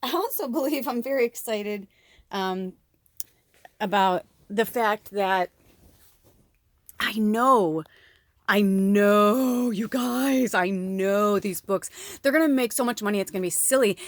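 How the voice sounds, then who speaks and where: A woman's voice: medium pitch, unhurried, no room sound. A woman who works as a spiritual medium, talking to her viewers in a casual, rambling way. She fills her talk with fillers and laughter and swears freely. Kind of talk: casual rambling monologue to camera.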